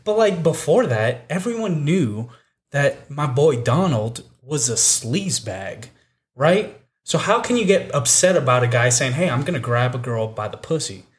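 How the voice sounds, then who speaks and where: A man co-hosting a casual podcast, joking and provocative, quick to laugh. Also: medium pitch, very animated, a little hiss or hum. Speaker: podcast co-host.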